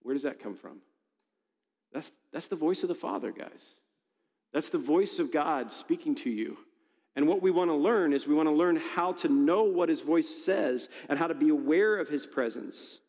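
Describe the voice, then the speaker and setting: A man's voice: a little high, moderate pace, a little mellow. A man preaching a sermon as a pastor, in a conversational, storytelling way with frequent restarts. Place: church auditorium. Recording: long reverb of a large church hall.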